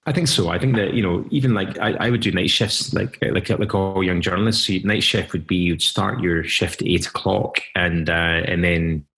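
Deep-voiced Scottish man telling stories. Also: moderate pace, hardly any pauses, fairly bright tone, rough recording. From Scotland. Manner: rambling, with many restarts. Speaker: journalist guest. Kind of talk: casual storytelling in conversation.

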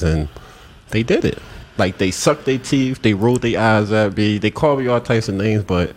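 A man telling a story in conversation and acting out the people in it with big jumps in voice. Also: normal speed. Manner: animated, acts out quoted voices with big pitch jumps. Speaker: community coach and mentor.

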